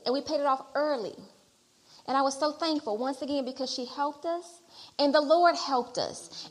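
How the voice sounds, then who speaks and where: A middle-aged woman preaching a sermon and telling her own testimony. She repeats phrases as she builds toward loud exhortation. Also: sits high. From Detroit area. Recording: long hall reverb.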